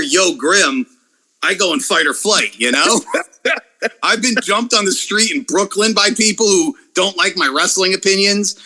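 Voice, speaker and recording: Loud, profane, animated man ranting. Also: high-pitched. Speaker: wrestling YouTuber guest. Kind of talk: casual podcast chat.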